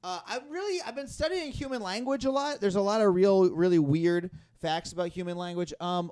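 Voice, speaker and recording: A man's voice: sits high, darkish tone. A man hosting a live stand-up comedy show, rambling and self-deprecating, often laughing at his own jokes. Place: live comedy venue with audience.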